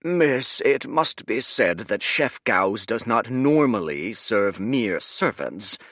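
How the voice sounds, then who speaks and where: A man's voice: lowish voice, big pitch swings, slow pace, fairly bright tone, no echo, studio quality, heavily acted. A man voicing a fawning, formal restaurant server who speaks in obsequious courtesies. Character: fawning male restaurant server, polite and greedy.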